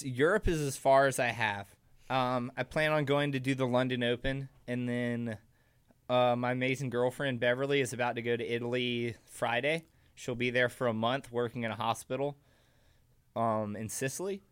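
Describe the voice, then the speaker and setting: A man talking as a guest on a radio show, telling animated, funny stories and laughing easily. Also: mid-range voice, clear, resonant tone, no echo. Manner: animated storyteller, laughs a lot. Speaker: guest, jiu-jitsu competitor. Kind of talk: casual podcast interview.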